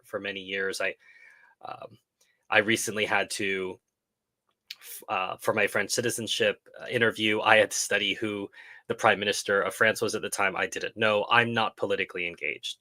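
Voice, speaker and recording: Bright-voiced man hosting a live stream. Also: lowish voice. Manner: thoughtful, pauses and restarts while explaining. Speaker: channel host answering viewer questions. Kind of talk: casual live-stream talk.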